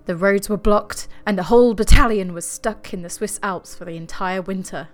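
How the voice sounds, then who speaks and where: A woman's voice: medium pitch, normal speed. A woman co-hosting a podcast, telling a creepy story in a jokey, giggly way and swearing casually. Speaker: podcast co-host.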